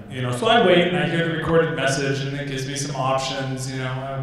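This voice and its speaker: A man's voice: medium pitch, steady tone, brisk, hardly any pauses, slight background noise. A man doing a stand-up comedy set, telling a story and acting out the voices in it. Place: large hall with a live audience. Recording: echoey hall recording from far off.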